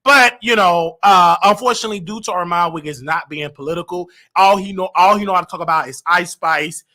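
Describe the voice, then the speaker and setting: High, bright, loud-ranting male host. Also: fairly quick. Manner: loud, animated, often shouting. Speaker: show host. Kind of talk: comedic rant.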